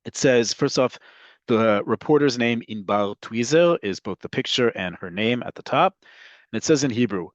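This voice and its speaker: A man's voice: mid-range voice, animated, moderate pace, dry recording, dull audio. Man teaching Hebrew grammar, dry sound. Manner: explanatory, repeats "right?" to check understanding. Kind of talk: online language lesson.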